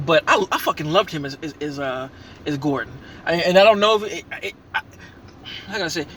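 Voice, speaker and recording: A man giving an excited, rambling reaction review of a movie he just saw, full of slang and restarts. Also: a little high, a little hiss or hum.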